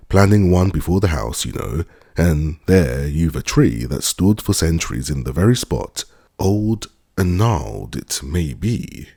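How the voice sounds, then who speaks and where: A genial old country landowner with grey whiskers, read by a man in an audiobook. He muses and lectures in a deep, gravelly, husky voice that rises and falls a lot. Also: dark tone, no echo, clean studio sound, exaggerated voice. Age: older. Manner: genial, reflective, slightly lecturing.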